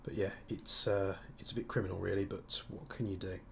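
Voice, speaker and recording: A man's voice: low-pitched, level tone, brisk, vocal fry, a little hiss or hum. A man with a Birmingham accent, chatting casually on a live stream while he builds and answers viewer questions. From Birmingham, England. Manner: casual, chatty, explains as he works. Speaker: airsoft tech streamer.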